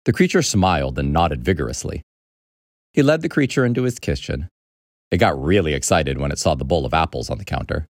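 A man reading a children's story aloud with an animated, expressive delivery. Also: rumbling low, a little fast, no room sound, studio quality. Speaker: narrator.

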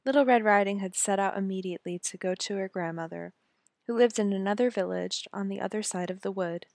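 A woman reads a fairy tale aloud in a gentle, measured way, keeping a steady middle pitch. The recording is close and dry, with no room around her voice. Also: creaky, no room sound. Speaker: storyteller. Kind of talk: scripted storybook narration.

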